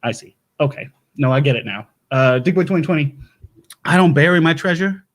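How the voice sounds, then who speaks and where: An actor playing an eccentric doomsday prep lecturer who hosts a comedy talk show, rambling and sometimes turning mock antagonistic. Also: male voice, fairly high pitch, expressive, a little fast, natural voice. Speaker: host.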